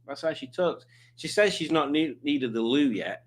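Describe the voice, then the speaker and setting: A man's voice: a little high, lively intonation, normal speed. A man chatting casually on a livestream, rambling and reading out viewer comments. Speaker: livestreaming YouTuber.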